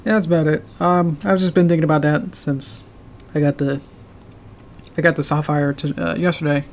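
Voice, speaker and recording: Man, slightly high voice, sore tired throat, halting casual stream chat, fillers, faint heater hum. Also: steady tone. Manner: halting, with filler words and soft laughs. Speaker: animator streamer. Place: home room with a loud heater.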